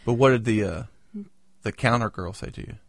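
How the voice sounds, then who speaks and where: A man's voice: fairly low pitch, brisk, gravelly, slightly rough, no room sound, studio quality. A man co-hosting a casual podcast, asking short follow-up questions and chiming in with "yeah". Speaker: podcast co-host. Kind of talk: casual chat.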